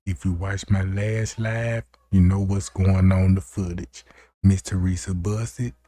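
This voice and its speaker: Low, mellow-voiced hyped livestream man. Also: steady tone, measured pace. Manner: hyped, chatty, addresses viewers directly. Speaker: livestream host. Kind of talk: casual livestream commentary.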